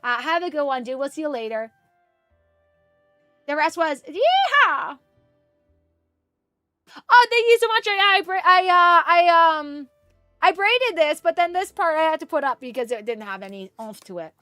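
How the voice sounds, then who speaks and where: Bright, excitable streamer woman. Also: high voice, normal speed, no echo, studio quality, soft background music. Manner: chatty, excitable, reads chat aloud. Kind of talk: casual chat while gaming.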